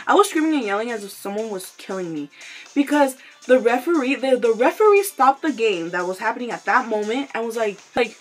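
A woman's voice: a little high, animated, brisk, poor audio. A young woman vlogger telling a story in a candid, profane, chatty way, breaking into giggles often and tossing in apologetic asides. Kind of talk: casual storytelling vlog. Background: faint instrumental music.

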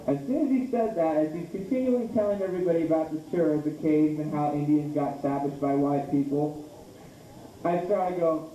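A man from Idaho doing a rambling, self-deprecating open mic stand-up set, sometimes slipping into a mock TV ad pitch. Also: fairly even intonation, brisk, mellow. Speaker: stand-up comedian. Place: small bar stage. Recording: echoey room from far off.

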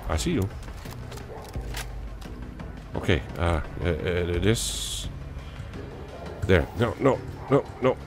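A man's voice: low-pitched, lively intonation, takes it slowly, long pauses, over music. A man with a cold giving frantic, jokey commentary while playing a video game. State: has a cold. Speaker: let's play gamer. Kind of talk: gaming commentary.

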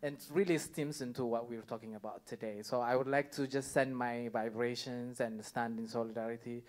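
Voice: mid-range voice, fairly even intonation, fairly quick, a little mellow. A stand-up comedian doing a live set on a club stage, chatty and laughing along, with constant "like, you know" fillers.

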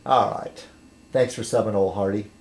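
A man vlogging casually to his subscribers, rambling and halting, with many fillers and restarts as he sips a beer. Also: lowish voice, steady tone, a little mellow, slight background noise. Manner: chatty while sipping beer.

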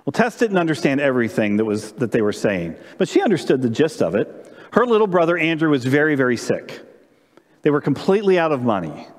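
Brief: lively male pastor, sermon storytelling, big church reverb. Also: a little high, brisk. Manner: animated storyteller, asks congregation questions. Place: church sanctuary during live-streamed service.

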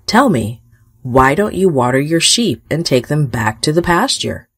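Polite young guy a long way from home, a woman reading him, gentle, low-ish, slow. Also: very animated, slightly rough, no room sound, studio quality, exaggerated voice. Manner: gentle, courteous asking.

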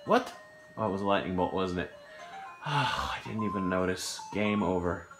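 A man giving casual let's-play commentary at home, thinking aloud and getting puzzled and excited over a game. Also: deep voice, moderate pace. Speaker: gameplay commentator. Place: home living room, on a sofa. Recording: echoey room with game music behind.

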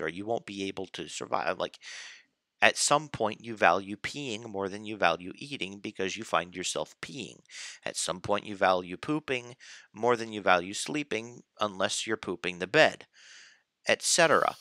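A man slowly thinking aloud in a casual philosophy discussion, hesitant, with restarts. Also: on the low side, bright, forceful tone, no echo, studio quality. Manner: slow, hesitant, with restarts and sighs.

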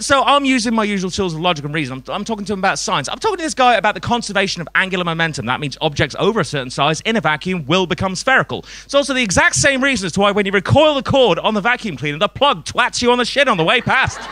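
A man's voice: sits high, bright, forceful tone, no room sound. A man doing a stand-up comedy set on a club stage, swearing a lot and chuckling at his own jokes.

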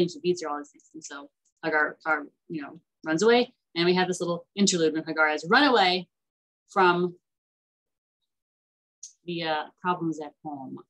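A woman teaching an online class in a chatty, animated way, acting out the characters as she retells stories. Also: on the low side, rough recording.

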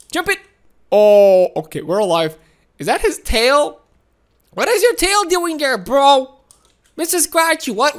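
A woman giving excited let's-play commentary, giggly and excitable with frequent laughs and exclamations. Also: a little high. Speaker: gameplay commentator.

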